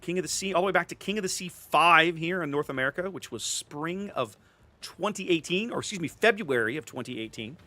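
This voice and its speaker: Lively bright-voiced man streaming a game. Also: fairly high pitch, brisk. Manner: chatty, repeats words while thinking. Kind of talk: casual live-stream commentary.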